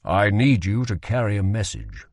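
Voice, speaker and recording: A man voicing a measured, formal middle-aged king addressing two young men. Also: fairly low pitch, very animated, gravelly, no echo, studio quality, exaggerated voice. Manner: formal, unhurried.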